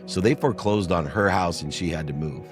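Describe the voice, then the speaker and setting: Deep-voiced man telling an earnest story. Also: brisk, over music. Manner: earnest, re-enacts dialogue in raised voices. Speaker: guest entrepreneur and speaker. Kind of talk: emotional storytelling.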